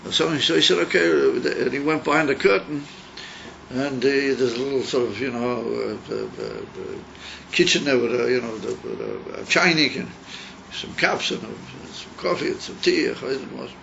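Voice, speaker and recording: Male rabbi, gravelly mid-pitched voice, halting delivery laced with Hebrew and Yiddish terms; dull lo-fi tape. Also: fairly bright tone. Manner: halting, many fillers, mixes Hebrew and Yiddish terms into English. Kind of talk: teaching a Hasidic text with a story. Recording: dull lo-fi recording with faint hiss.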